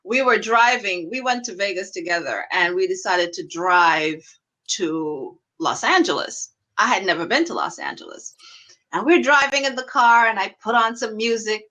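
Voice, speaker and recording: A woman's voice: mid-range voice, expressive, moderate pace, sharp tone, poor audio. A woman guest in a casual online chat, talking with enthusiasm and laughing often.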